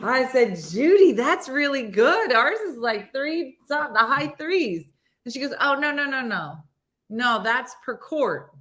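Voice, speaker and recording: A woman hosts a relaxed morning chat, her voice bright and forward. She talks with big swings of pitch and plays out every person in her stories. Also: a little slow. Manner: animated storytelling, acting out quoted people. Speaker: host. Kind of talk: casual morning show chat.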